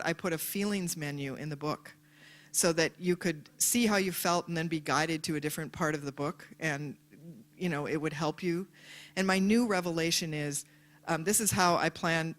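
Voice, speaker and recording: A woman's voice: low-pitched, moderate pace. A woman giving a motivational talk to a live audience, telling stories and acting out the voices of people in them. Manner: animated storyteller, acts out voices in quotes. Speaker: speaker.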